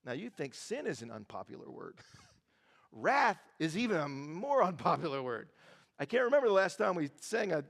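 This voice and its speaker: A male pastor preaching a sermon in a church, lively and joking, repeating phrases for emphasis. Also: fairly high pitch, moderate pace, creaky. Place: large church auditorium. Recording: reverberant church hall.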